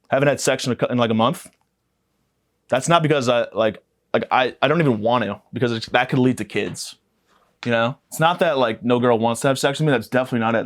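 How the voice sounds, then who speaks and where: A man in his twenties hosting a podcast, delivering a rambling, crude comedic monologue with a self-mocking deadpan. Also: medium pitch. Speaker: podcast host.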